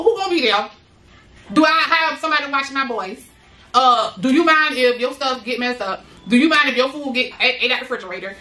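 A woman's voice: sits high, bright, forceful tone, reverberant. A woman giving an emphatic, casual motivational talk to other parents, repeating phrases and using slang as she stresses her points. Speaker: motivational speaker, mother of boys with special needs.

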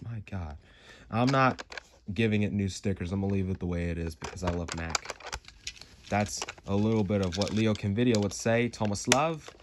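Rambling young man with a noisy recording. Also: deep voice. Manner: rambling, jokey, swings between loud bursts and mumbles. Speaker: toy collector reviewing a toy truck. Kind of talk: casual toy review vlog. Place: home room.

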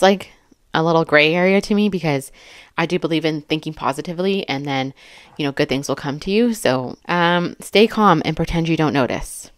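A woman's voice: low voice, no room sound, clean studio sound. A woman in her thirties who sounds a little out of breath, reading a list aloud and commenting on each item in a chatty, filler-heavy way. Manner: chatty, filler-heavy, laughs between remarks. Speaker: commentary YouTuber. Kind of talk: casual commentary, reading and reacting.

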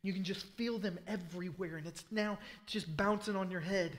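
A man pastor preaching a sermon, telling a vivid story in the second person and swinging between loud and hushed. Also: sits high, fairly even intonation, moderate pace, few pauses, long reverb tail. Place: church sanctuary.

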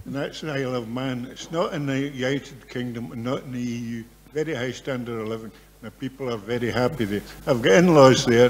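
A man in the audience of a public talk making measured, plain remarks. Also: medium pitch. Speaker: audience member asking a question. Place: large public hall. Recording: hall reverb with faint hum.

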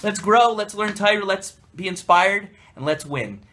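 A young man, a rabbi, giving an animated, emphatic Torah talk to the camera from his desk, slipping in Hebrew and Yiddish terms. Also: sits high, measured pace. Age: young adult.

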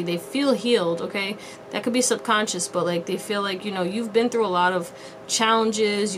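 A woman's voice: medium pitch, fairly bright tone, a little hiss or hum. A woman giving a casual pick-a-card tarot reading to viewers, chatty and slangy with frequent laughs. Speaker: tarot reader.

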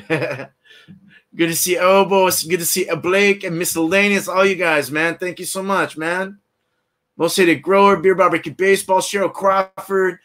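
A laid-back man hosting a casual beer review livestream from his house. His voice is bright and forceful and sits a little high, and he rambles, laughs often and calls out to viewers by name. The talk is loose and unscripted, with plenty of restarts. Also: fairly even intonation, normal speed. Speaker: host of a live beer review stream. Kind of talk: casual live-stream chat. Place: at home, indoors.

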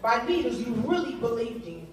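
A high-voiced woman preaches a lively sermon, leading her congregation in call and response with a playful touch. Her voice comes from far off and rings through a very echoey hall. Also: a little fast, a crowd in the background. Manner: lively, humorous, leads congregation in repetition. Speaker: youth day speaker. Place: church sanctuary.

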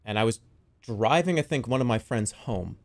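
A young man telling a wild story to his stream in a casual, animated way, swearing freely. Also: medium pitch, normal speed. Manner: animated, swears a lot, yells in the quoted bits.

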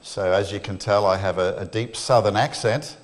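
A man with an Australian accent giving a lively, joking talk to a church audience, putting questions to the crowd. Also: fairly low pitch, normal speed. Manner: jokey, animated, asks the audience questions. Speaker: guest speaker. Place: church hall.

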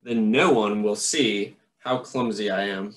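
A man's voice: lowish voice, unhurried, a bit bright, pitched below the performer's own voice. A man voicing a young female fruit bat, earnest and bewildered, in a storybook reading.

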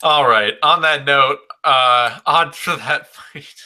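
A man co-hosting a podcast, giving animated fight analysis in casual conversation, with some swearing. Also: medium pitch, takes it slowly. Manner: animated, swearing, talks with quoted reactions.

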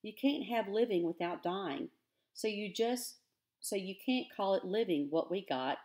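A woman's voice: medium pitch, lively intonation, unhurried, darkish tone, close to an everyday voice. A woman voicing a weary, earnest rustic father who talks in plain country grammar. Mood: pleading.

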